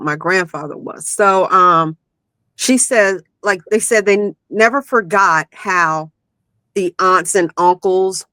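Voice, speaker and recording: A woman's voice: on the low side, fairly bright tone, dry recording. A woman from South Carolina, telling personal stories as a podcast guest in a reflective, heartfelt way. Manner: reflective, heartfelt, many "you know"s. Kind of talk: emotional personal storytelling.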